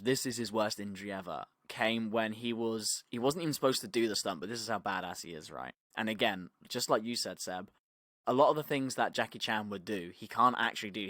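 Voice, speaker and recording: Young male podcaster, lively storyteller, dry close mic. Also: lowish voice, no echo. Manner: animated storytelling, acting out quotes, swearing, many "like" fillers. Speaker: podcast co-host. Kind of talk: casual podcast chat.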